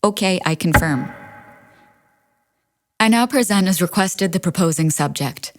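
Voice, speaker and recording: This woman's voice is on the low side with lively intonation as she gives a studio-recorded staged reading of a monologue from a play. Her tone is wry and anxious, alternating brisk lists with quiet, confessional stretches.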